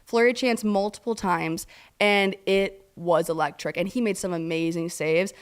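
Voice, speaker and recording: A woman co-hosting a casual sports chat, talking excitedly with lots of "like" and some swearing. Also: on the low side, normal speed, clean tone. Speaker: co-host.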